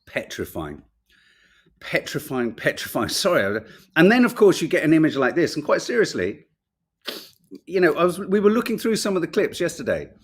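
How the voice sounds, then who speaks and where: A man's voice: on the high side, brisk, breathy edge. A man co-hosting a podcast, reading out headlines and reacting with laughter and swearing. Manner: animated, swearing, laughing, mock voices. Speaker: podcast co-host reading newspapers. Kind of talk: casual chat.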